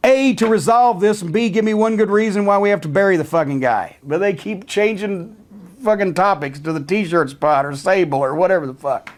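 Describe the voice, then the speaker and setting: A middle-aged man telling a heated, profanity-laden backstage story as an interview guest, sardonic and blunt. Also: sits high.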